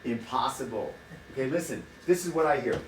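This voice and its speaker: A man's voice: mid-range voice, fairly quick, slight background noise. A man chatting casually and teasingly in a hotel room, swearing a lot, recorded from a distance. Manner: animated, profane, teasing. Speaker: vlogger. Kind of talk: casual chat. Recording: echoey room, mic at a distance.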